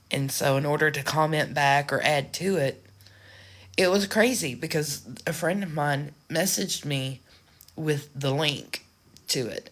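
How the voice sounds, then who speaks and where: A woman's voice: a bass voice, creaky, fairly bright tone. A woman from the United States talking frankly and ramblingly in a casual vlog. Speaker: social media creator.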